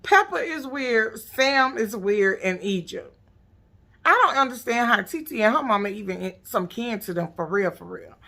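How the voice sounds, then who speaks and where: A woman's voice: fairly high pitch, lively intonation, moderate pace, creaky, bright, forceful tone. A woman casually recapping a reality TV episode, blunt, profane and sassy.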